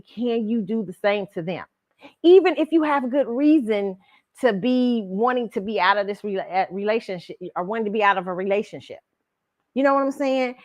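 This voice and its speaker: A woman's voice: mid-range voice, dry recording. A middle-aged woman hosting a pop culture commentary show, talking casually with features and laughing often as she tells stories. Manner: casual, animated storytelling with frequent laughs. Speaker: show host.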